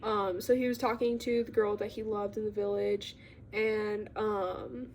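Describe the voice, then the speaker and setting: A woman's voice: mid-range voice, flat delivery, unhurried, a little mellow, slight background noise. A young woman casually recapping a book she read, rambling with lots of fillers and giggly asides. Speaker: book vlogger.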